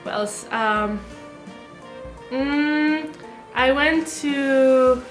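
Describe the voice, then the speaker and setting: A young woman chatting casually and telling animated, giggly stories as a podcast guest. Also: high-pitched, extremely slow, roomy sound, soft background music. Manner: animated storytelling, giggly, lots of fillers. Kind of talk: casual chat.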